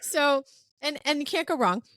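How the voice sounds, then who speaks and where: A woman's voice: high voice, expressive, normal speed, bright, forceful tone, no room sound. A woman hosting a podcast, telling a story in casual chat and acting out the dialogue expressively. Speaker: podcast host.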